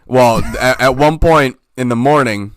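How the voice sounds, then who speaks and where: A man's voice: mid-range voice, measured pace, smooth, dry recording, clean studio sound. A young man co-hosting a podcast, telling a story with lots of swearing and acted-out quotes in casual chat. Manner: animated storyteller, swears a lot, acts out quotes. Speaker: podcast co-host.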